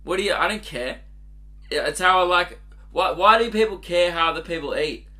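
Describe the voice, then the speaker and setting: A young man talks alone into his podcast mic, rambling and giggling through crude stories. His voice sits a little high for a man and rings bright and forceful. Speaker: podcast host. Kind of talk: casual solo podcast monologue.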